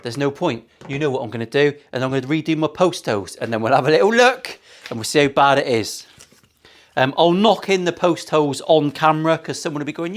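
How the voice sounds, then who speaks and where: A middle-aged man, a guitar maker hosting his own workshop video, talking in sweary, self-mocking, rambling banter. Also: medium pitch. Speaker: luthier and channel host. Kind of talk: casual workshop vlog banter.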